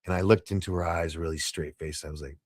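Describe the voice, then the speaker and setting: A man guest on a podcast, telling a story in a casual, animated way, laughing often and stumbling over his words. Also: sits low, quick pace, dry recording, studio quality.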